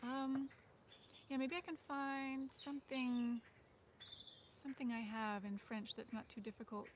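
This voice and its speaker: A livestream host with a high, unhurried voice and little pitch movement chats casually, with slight background noise and birdsong behind her. She's hesitant and rambling, using many fillers and small laughs.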